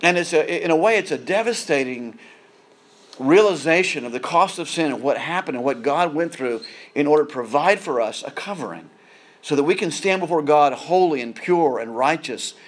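A man's voice: a little high, lively intonation, normal speed. A man preaching a sermon in an earnest way, often repeating words as he builds emphasis.

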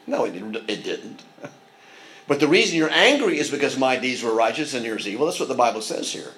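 A man's voice: medium pitch, sing-song, a little fast, fairly bright tone, low-quality recording. A man preaching a sermon in an earnest manner, with frequent restarts and asides. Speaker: pastor.

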